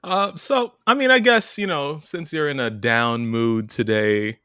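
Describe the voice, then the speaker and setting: A young man co-hosting a podcast in casual chat, animated and joking, laughing often. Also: mid-range voice, unhurried, smooth, no room sound, studio quality. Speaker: podcast co-host.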